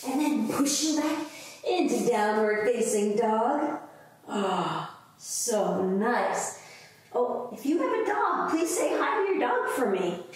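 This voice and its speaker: A fairly high-pitched, very animated woman speaks slowly as she leads kids through yoga, sing-song and playful, making animal noises with them. She is the children's yoga teacher, heard from afar in an echoey room with faint noise.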